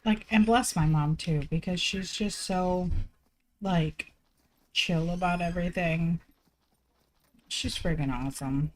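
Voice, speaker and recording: A woman's voice: on the low side, slow, long pauses, rough recording. Rambling, self-deprecating woman streamer chatting casually. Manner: rambling, self-deprecating, swears freely, many "like" fillers. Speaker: live streamer. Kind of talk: casual chat. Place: at home by her computer.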